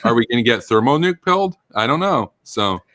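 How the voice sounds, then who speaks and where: Ranting man with a bright, dry voice. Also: mid-range voice, sing-song, fairly quick, no echo. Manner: heated, ranting, swears freely. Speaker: political commentary host. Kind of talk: casual political commentary chat.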